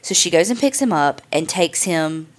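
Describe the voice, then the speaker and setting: A woman's voice: fairly low pitch, lively intonation, normal speed. A woman hosting a podcast, telling a true crime story in a casual, chatty way, loose and profane with lots of "like" and "I mean". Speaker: podcast host.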